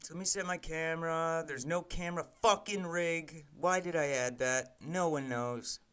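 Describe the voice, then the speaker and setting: A man's voice: fairly high pitch, steady tone, normal speed, fairly bright tone, clean tone. A man live-streaming as he codes a game, casually muttering code terms and breaking into frustrated, profane rants. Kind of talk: casual live-stream commentary while coding.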